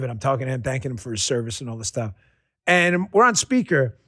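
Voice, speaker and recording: A man's voice: on the high side, fairly bright tone. A man hosting a political talk show, ranting sarcastically and repeating his punchlines for emphasis while talking straight to his audience and crew.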